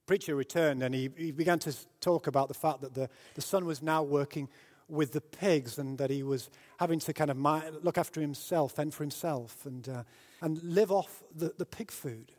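British preacher in an echoing hall. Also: male voice, fairly high pitch, moderate pace. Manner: storytelling, rises to loud emphatic peaks. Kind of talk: sermon. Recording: long hall reverb.

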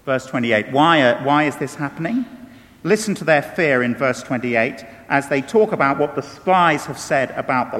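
High-voiced preacher in a reverberant hall. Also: male voice. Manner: animated, swings from loud emphasis to hushed low tones. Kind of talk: sermon. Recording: long reverb of a large hall.

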